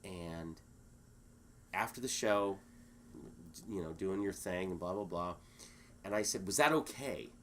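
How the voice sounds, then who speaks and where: A man being interviewed, telling a story in a lively, animated way and acting out the quotes. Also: deep voice, slow pace, long pauses, a little hiss or hum. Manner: animated storyteller, acts out quotes, many restarts. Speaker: guest.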